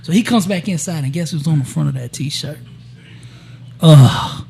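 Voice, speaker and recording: Animated storytelling man, slightly high voice. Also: moderate pace, gravelly, slight background noise. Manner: animated storyteller who acts out the quoted dialogue; frequent "right?" and "you know" to check in with listeners. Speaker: guest sharing a personal testimony. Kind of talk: casual spoken storytelling.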